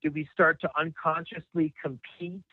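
A man's voice: on the high side, level tone, normal speed, no echo. Man on a tinny phone line. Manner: reflective, asks rhetorical questions. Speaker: guest. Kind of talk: conversational discussion.

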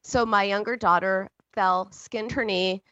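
A woman's voice: mid-range voice, fairly even intonation, unhurried, a bit bright, lo-fi sound, slight background noise. A woman hosting a call-in advice show who talks animatedly and acts out the voices she quotes. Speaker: host and counselor.

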